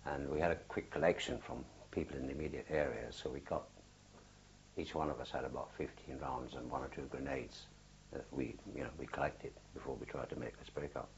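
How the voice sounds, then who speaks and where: An older man, a war veteran, recalling his experiences in an oral history interview, telling it haltingly with many fillers and restarts. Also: rumbling low, steady tone, gravelly, muffled recording, slight background noise.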